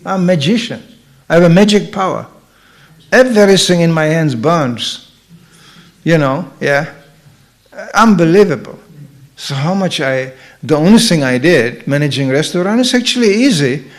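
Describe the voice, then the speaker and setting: A man's voice: a little high, moderate pace. A middle-aged man giving a humorous scripture class at a temple, telling stories and acting out characters. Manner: animated storyteller, acts out characters. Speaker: visiting speaker at a temple.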